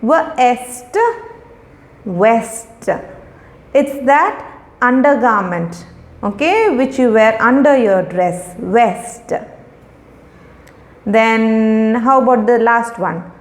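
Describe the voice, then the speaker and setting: Speaking very slowly with long pauses, a middle-aged woman teacher sounds out words for young children, patiently repeating and explaining each one. Her fairly high voice has lively intonation, and the recorded lesson takes place in an echoey room.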